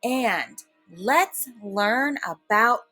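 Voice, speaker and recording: A woman teacher reading a fairy tale aloud for a lesson, slow, expressive and clearly enunciated. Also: a little high, soft background music, poor audio. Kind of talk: storybook read-aloud lesson.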